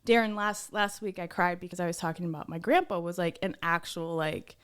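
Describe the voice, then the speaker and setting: A woman's voice: fairly low pitch, fairly quick, clear, resonant tone. A woman co-hosting a podcast in casual banter, giggly, self-deprecating and rambling. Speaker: podcast co-host.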